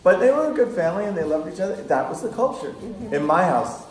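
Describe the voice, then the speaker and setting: A middle-aged man, a psychotherapist, giving a casual workshop talk to parents, telling animated anecdotes and acting out quoted lines. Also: high-pitched, rapid-fire, a crowd in the background. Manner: anecdotal, animated storytelling with acted-out quotes and laughter. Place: school room with audience. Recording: echoey room recording.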